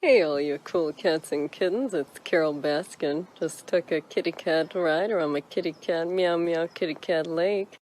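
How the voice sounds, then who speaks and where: Cutesy cat lady impression by a man, sing-song, soft music bed. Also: fairly high pitch, normal speed, few pauses, pitched above the performer's own voice, close to an everyday voice. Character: impression of a famous big-cat sanctuary woman.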